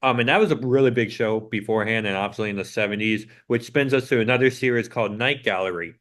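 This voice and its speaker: A man's voice: lowish voice, quick pace, fairly bright tone. A man co-hosting a podcast, chatting loosely with lots of fillers. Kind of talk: casual chat.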